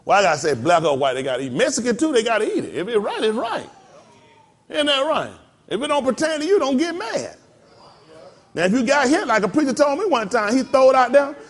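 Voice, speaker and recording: In a very high voice, the pastor moves briskly through an animated, folksy sermon. He mimics voices for effect and laughs along with his listeners.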